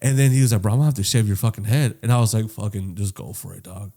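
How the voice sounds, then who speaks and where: A man co-hosting a casual podcast, telling a long story with lots of swearing, swinging between loud and quiet. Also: on the low side, racing. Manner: profane, animated storytelling that swings loud and soft. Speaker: podcast co-host.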